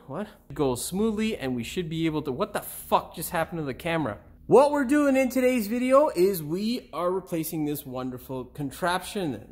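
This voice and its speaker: A man's voice: fairly high pitch, breathy edge. A middle-aged man hosting an auto repair channel, working outdoors in a driveway and talking to a camera. He is short on sleep, swears often, mutters to himself and keeps restarting his lines. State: sleep-deprived. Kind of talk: casual DIY repair outtakes.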